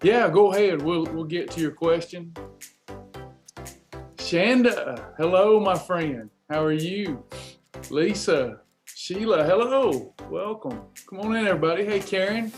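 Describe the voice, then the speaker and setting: A man's voice: high voice, lively intonation, measured pace, soft background music. A man coaching weight loss on a live stream, chatting casually and greeting viewers by name in an upbeat, folksy way.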